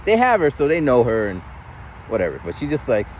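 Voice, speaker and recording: A man who works as a teacher, telling stories in a casual chat while walking outdoors, mimicking other people's voices with big jumps in pitch. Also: huge pitch swings, fairly quick, a little mellow, a little hiss or hum, rough recording. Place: outdoors on a street. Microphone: phone camera held while walking.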